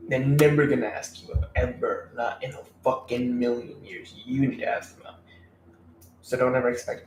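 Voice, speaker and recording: A man's voice: medium pitch, fairly even intonation, normal speed, a little mellow. A man giving blunt dating advice in a casual, rambling, profane rant to camera. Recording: roomy room, mic at a distance, faint background noise.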